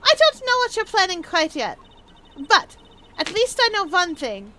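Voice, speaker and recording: A woman voicing a proud, sharp-tongued young female prosecutor with an imperious, snappish delivery for a video game reading. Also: extremely high pitch, sing-song, a little slow, slight background noise, pitched above the performer's own voice, full character voice.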